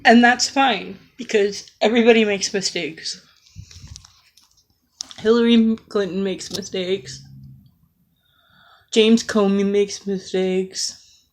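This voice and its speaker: A woman giving an earnest, halting political rant in a vlog, emotional and tearful. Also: medium pitch, fairly even intonation. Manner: earnest, pleading, slow and halting.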